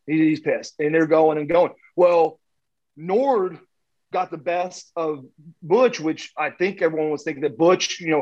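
A man telling long, rambling anecdotes as a guest, halting with many fillers and restarts. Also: fairly high pitch, highs cut off.

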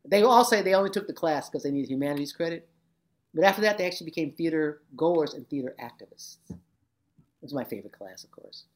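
An older woman with a notably low voice reflects on her teaching years in an interview. She tells stories with animation and slips into the voices of the people she quotes. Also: expressive, quick pace. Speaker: interviewee, former labor educator. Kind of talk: reflective oral-history interview.

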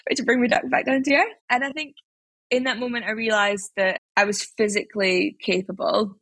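A Scottish woman in her twenties, chatting in an interview and telling stories in an animated way with lots of fillers. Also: on the high side, a little fast, no echo. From Scotland. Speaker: interviewee, athlete. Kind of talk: casual interview chat.

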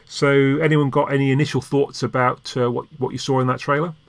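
A man's voice: mid-range voice, level tone, a little fast, gravelly, dry recording. A man from Yorkshire hosting a casual podcast chat, often repeating words as he starts a sentence. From Yorkshire, England. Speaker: podcast host.

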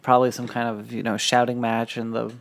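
A man's voice: mid-range voice, monotone, brisk, creaky. Podcast guy, dry jokes, laid-back talk. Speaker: podcast co-host. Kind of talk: casual podcast chat.

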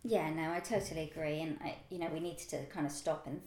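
A woman's voice: low-pitched, steady tone, fast talker, darkish tone. A woman co-hosting a local podcast in casual, upbeat chat that wanders with fillers. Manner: chatty, upbeat, rambling with fillers. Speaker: podcast co-host. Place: office or shared workspace. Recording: roomy echoey room.

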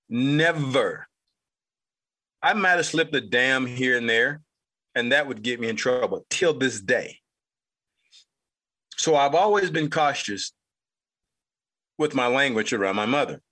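Brief: fifties male podcast host from North Carolina, bright tone, rambling anecdotal storyteller. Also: mid-range voice, expressive, measured pace, long pauses. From North Carolina, United States. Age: 50s. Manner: rambling, repetitive, chuckling anecdotal delivery. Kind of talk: casual storytelling monologue.

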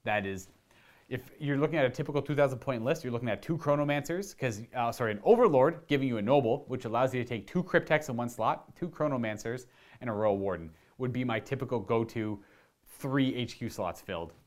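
A man's voice: mid-range voice, lively intonation, fairly quick, a little mellow. A young man from Canada casually answering viewer questions about tabletop wargaming, chatty and rambling with enthusiasm. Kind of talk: casual live Q&A chat.

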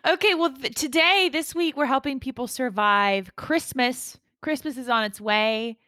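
A woman's voice: high-pitched, moderate pace, sharp tone, no echo, studio quality. A woman hosting a podcast, upbeat and playful as she leads a casual chat with her co-hosts. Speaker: podcast host.

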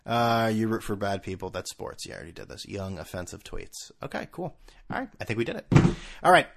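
A man hosts a podcast by himself in a loose, rambling style. He mocks himself as he goes, and his voice swings widely in pitch. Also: animated, quick pace, creaky, heavy background noise. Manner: rambling, self-mocking, bursts into laughing high-pitched asides. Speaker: podcast host. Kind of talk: casual solo podcast chat.

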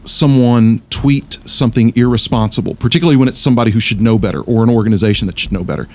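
A man's voice: medium pitch, fast. A man co-hosting a podcast in casual conversation, chatty and self-deprecating, laughing often. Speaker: podcast co-host.

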